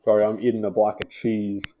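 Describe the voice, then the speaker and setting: On a home mic, a man reads wiki articles out loud as casual commentary for his video, tripping over names and adding offhand comments. He talks fairly quickly in a lowish, dark voice with little pitch movement, and the lo-fi sound has a bit of hiss or hum.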